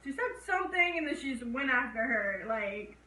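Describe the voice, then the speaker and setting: A young woman co-hosts a casual horror movie review, recapping scenes and acting out the characters' lines in raised voices. Her high-pitched voice is bright and pushed, with lively intonation at a normal speed. She sounds a bit far from the mic in an echoey room.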